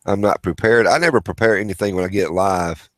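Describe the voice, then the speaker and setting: Low-voiced man rambling through a livestream. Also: fairly quick, dry recording. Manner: rambling, reads out viewer chat and greets viewers by name. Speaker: livestream host. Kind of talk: casual livestream chat.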